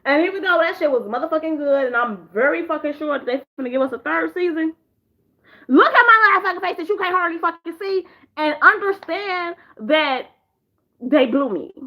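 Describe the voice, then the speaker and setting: A woman's voice: very high-pitched, brisk. A young woman chatting casually about shows she watched, swearing freely and acting out characters. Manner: animated, acts out characters in squeals, swears a lot. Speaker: vlogger reviewing shows. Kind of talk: casual chat, profane storytelling. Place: sitting in a chair at home.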